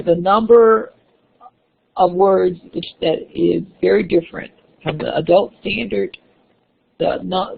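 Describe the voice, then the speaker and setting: A woman's voice: lowish voice, vocal fry, slightly rough. A woman instructor giving a classroom lecture, explaining step by step with frequent restarts and fillers. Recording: tinny phone-like lecture recording.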